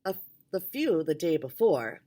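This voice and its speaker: Woman reading a formal director lady, measured, low voice. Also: very animated, dark tone, exaggerated voice. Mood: instructive.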